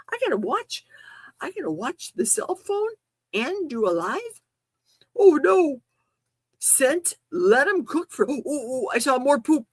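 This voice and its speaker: Gasping, excitable woman with a husky voice. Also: sits high, no room sound, studio quality. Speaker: livestream host. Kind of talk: casual livestream chat.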